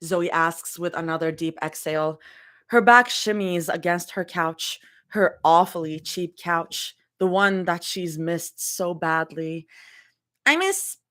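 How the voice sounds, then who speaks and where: A woman's voice: on the low side, fairly even intonation, unhurried, a bit bright. A woman reading fanfiction live and chatting with viewers, giggling often and full of casual fillers. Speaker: live-stream fanfiction reader.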